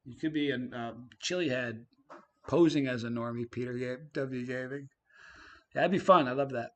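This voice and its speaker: A man's voice: medium pitch, moderate pace. Chatty man hosting a live stream. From Canada. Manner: chatty, reads viewer comments aloud, swings loud and quiet. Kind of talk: casual live stream chat.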